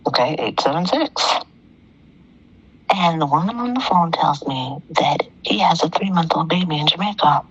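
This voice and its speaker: A woman's voice: low-pitched, lively intonation, normal speed, slightly rough, muffled recording. A middle-aged woman calling in to a talk show, telling a personal story in an emphatic way and repeating phrases for effect. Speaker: caller.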